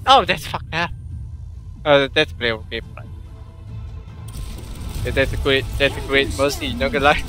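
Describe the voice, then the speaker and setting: A man giving live gameplay commentary, swinging between excited shouts and giggling, muttered asides. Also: mid-range voice, moderate pace, long pauses, music in the background. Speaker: gamer.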